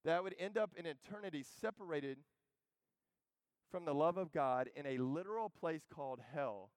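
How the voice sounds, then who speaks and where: Preacher doing a young male coworker, earnest and eager, higher-pitched, smooth. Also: normal speed, dry recording, close to an everyday voice. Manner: excited then earnest and tearful.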